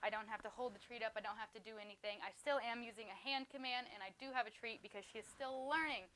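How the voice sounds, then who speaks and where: Bright-voiced woman explaining puppy training. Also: on the high side, steady tone, fast talker, slight background noise. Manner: chatty, explains while praising the puppy. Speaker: dog trainer. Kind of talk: casual training demonstration. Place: outdoors.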